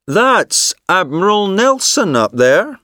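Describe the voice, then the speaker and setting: A man voicing a smooth-talking male con man who is persuasive and sly, confiding and sometimes hushed, in a textbook listening story. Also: sits high, big pitch swings, slow, dry recording, clean studio sound, voice pushed up, exaggerated voice. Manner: confiding, turns hushed and secretive.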